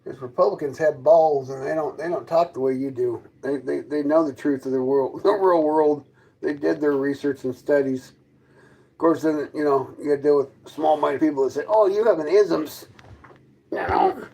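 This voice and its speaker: This male livestream host mocks and argues with his viewers from his fifth-wheel trailer, keeping the banter sarcastic and confrontational. He speaks a little high in a steady, creaky, dark-toned voice at moderate speed, and the recording is rough.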